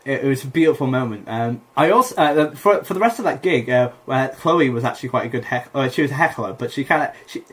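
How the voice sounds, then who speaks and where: A man's voice: medium pitch, expressive, fast, hardly any pauses, a bit bright. A young man, a comedian and podcast co-host, telling a rambling story with lots of fillers and laughter in casual chat.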